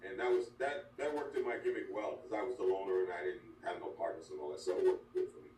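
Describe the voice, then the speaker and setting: An older man, a former wrestler, telling stories bluntly in an interview, animated and full of asides. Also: deep voice, fast. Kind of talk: candid storytelling interview. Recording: echoey room, distant mic, faint hum.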